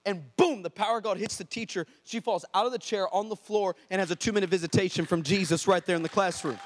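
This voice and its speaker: A man, a pastor telling a story in a sermon, animated and acting out the people in it. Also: sits high, fast. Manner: animated, acts out shouts and voices of people in his story. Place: church hall before a congregation.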